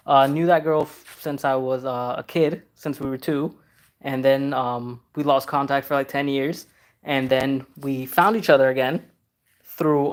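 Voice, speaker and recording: Chatty Trinidad-born man answering viewers. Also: a little high. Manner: chatty and easygoing, reads viewer questions aloud, laughs often. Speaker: car customizing channel host. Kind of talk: casual livestream chat answering viewer comments.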